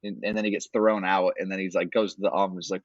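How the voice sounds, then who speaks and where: A man's voice: deep voice, flat delivery, fast, no room sound, lo-fi sound. A man co-hosting a podcast, chatting loosely about sports and swearing a lot. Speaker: podcast co-host. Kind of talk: casual sports chat.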